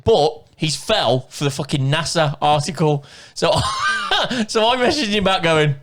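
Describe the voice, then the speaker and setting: A man's voice: fairly high pitch, lively intonation, moderate pace, a bit bright. An English man co-hosting a podcast, telling stories in casual chat, swearing and laughing often. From England. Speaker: podcast co-host.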